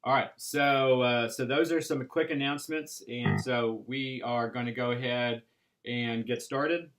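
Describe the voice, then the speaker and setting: A man teaching an algebra class, explaining step by step in a patient way with frequent pauses and "right?" checks. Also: medium pitch, steady tone, a bit bright. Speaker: math instructor. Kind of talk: recorded classroom lecture.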